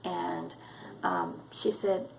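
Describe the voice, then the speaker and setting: A woman's voice: very deep voice, very animated, extremely slow, slight background noise, poor audio. A woman casually retelling a book chapter for her viewers, hesitant and full of ums and uhs. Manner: hesitant, many ums and uhs, loosely strung sentences. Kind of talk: casual spoken book recap.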